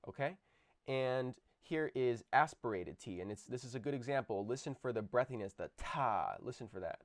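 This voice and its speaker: A man explains linguistics in a recorded lecture, pausing to pronounce sample words aloud. His voice sits at a middle pitch. The sound is dry and close, with no room echo. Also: animated. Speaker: linguistics teacher.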